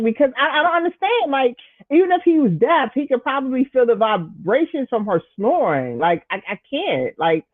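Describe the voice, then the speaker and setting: A man hosting his own show, telling a casual story in an animated way, jumping into high, exaggerated voices when he quotes himself. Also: no room sound. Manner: lots of "like" and "you know", frequent restarts. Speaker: show host. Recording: thin phone-like sound, dry.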